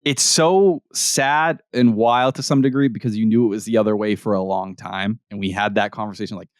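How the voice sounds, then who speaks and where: A man co-hosting a podcast, talking sports in casual, profane, animated chat. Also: on the low side, no room sound, studio quality. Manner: animated, profane, rapid-fire opinions. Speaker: podcast co-host.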